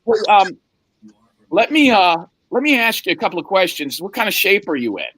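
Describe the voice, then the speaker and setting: A man's voice: sits high, big pitch swings, normal speed, fairly bright tone, breathy edge, rough recording. A man telling a wild story in a casual chat, acting out the other people's lines and swearing freely. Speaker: podcast guest.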